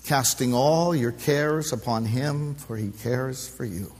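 Husky middle-aged pastor preaching in a church. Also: male voice, takes it slowly. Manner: impassioned, swinging between loud emphatic peaks and hushed low passages. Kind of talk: sermon. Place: church sanctuary during a service. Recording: long reverb of a large church hall.

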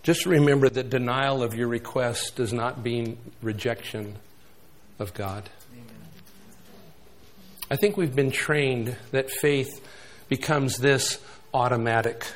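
A man in his sixties preaching a sermon, swinging between loud emphatic bursts and hushed asides. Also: mid-range voice, slow.

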